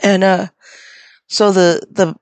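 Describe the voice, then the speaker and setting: Hoarse, sick woman podcaster. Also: mid-range voice, steady tone, slow, a little mellow, dry recording, poor audio. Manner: rambling, swearing, laughing at herself. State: hoarse and coughing from illness. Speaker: podcast host. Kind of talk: casual chat.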